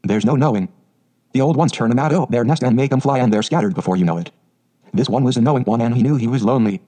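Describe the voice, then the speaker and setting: Guy reading as a grumpy old yorkshire gardener, blunt and gruff, mellow low tone. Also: fast talker, close to an everyday voice. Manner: blunt, gruff dialect speech. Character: surly old male Yorkshire moor gardener.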